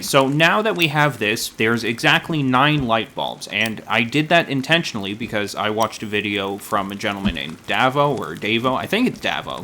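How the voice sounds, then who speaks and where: Bright-voiced man rambling through gameplay. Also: mid-range voice, slight background noise. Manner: rambling and self-deprecating, with dad jokes. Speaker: gaming YouTuber. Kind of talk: casual gameplay commentary.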